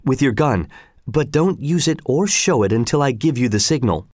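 Shrewd genial male detective, as a man reads him, measured persuasive speech, slowish, dry recording. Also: mid-range voice, animated, darkish tone, no room sound, close to an everyday voice. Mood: urgent.

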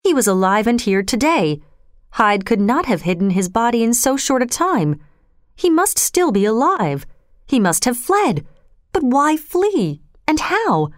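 A woman voicing a grave, resolute middle-aged male lawyer who speaks firmly and in measured tones. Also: mid-range voice, expressive, clean tone, no room sound, clean studio sound, natural voice. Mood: alarmed. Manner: firm, measured.

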